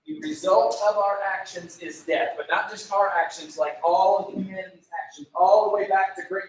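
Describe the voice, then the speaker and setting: At normal speed and in a high-pitched voice, a male youth pastor delivers a casual sermon, captured from far off in an echoey room with slight background noise. He keeps it conversational, leans on "like," asks the room questions and voices prayers in little character voices.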